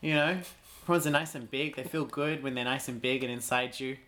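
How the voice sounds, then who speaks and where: A man's voice: mid-range voice, steady tone, a little fast, bright, forceful tone. A man from Australia with an Australian accent, co-hosting a podcast in an easygoing, joking chat. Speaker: podcast co-host. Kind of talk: casual chat.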